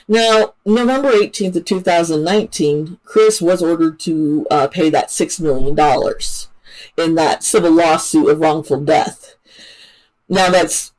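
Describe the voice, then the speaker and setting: A woman's voice: mid-range voice, darkish tone, low-quality recording. A woman hosting her own channel, giving casual true-crime commentary in a chatty, emotional way with many fillers and restarts. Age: adult parent. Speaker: channel host.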